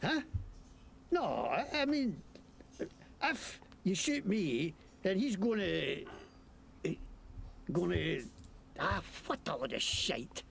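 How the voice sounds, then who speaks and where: A man's voice: sits high, takes it slowly, long pauses, slight background noise, heavily acted. An actor playing a crude, foul-mouthed male wasteland crook with a put-on Scottish accent in a video game. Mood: blustering. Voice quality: gravelly, lively swings. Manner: brash, cursing, blustering.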